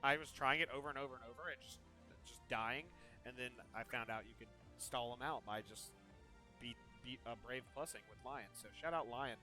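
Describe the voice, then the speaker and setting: A man co-hosting a casual gaming stream, rambling and poking fun at himself, his voice swinging between loud bursts and low mumbles. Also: a little fast, faint music behind. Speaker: stream co-host. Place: home streaming setup.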